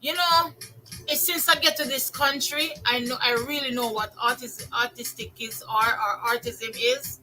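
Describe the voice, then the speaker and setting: An older woman with a Jamaican accent, telling stories in a casual monologue, lively, repeating phrases for emphasis and slipping into patois. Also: high voice, normal speed, faint music behind, low-quality recording. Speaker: vlogger.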